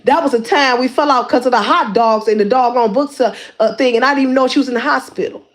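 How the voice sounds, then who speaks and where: A woman's voice: a little high, fast. A woman hosting a livestream, calling out someone in a heated rant with lots of repeated words and restarts. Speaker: livestream host.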